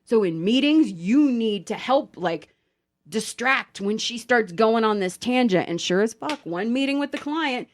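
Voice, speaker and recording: A woman podcast host tells stories in casual chat, animated and swearing plenty. Her voice is fairly high-pitched and her pace measured.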